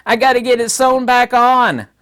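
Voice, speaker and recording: A man's voice: very high-pitched, fairly even intonation, normal speed, fairly bright tone, pitched above the performer's own voice. A man voicing a possessive man who insists his severed leg be sewn back on, with childish indignation. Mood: indignant.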